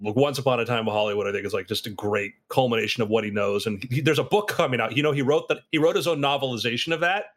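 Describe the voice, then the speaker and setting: Rambling animated man chatting. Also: medium pitch. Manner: rambling, animated, does quick impressions. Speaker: writer. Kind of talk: casual podcast chat.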